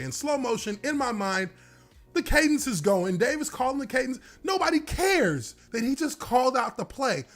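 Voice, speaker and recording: Male ex-lineman, animated storyteller, high lively voice, swears casually. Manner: animated, dramatic retelling with casual profanity. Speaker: former pro football lineman. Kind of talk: storytelling anecdote. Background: faint music.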